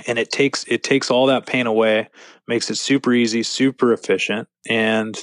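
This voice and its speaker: A man's voice: medium pitch, flat delivery, moderate pace, fairly bright tone, dry recording. A man who runs a fly shop, talking gear in eager casual chat. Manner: enthusiastic gear talk, says like and you know. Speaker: fly shop owner, podcast host.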